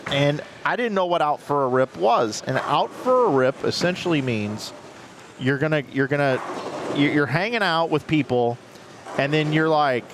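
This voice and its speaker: A man's voice: medium pitch, fairly quick, slight background noise. A man commentating a live bowling stream, rambling through chatty stories between play calls.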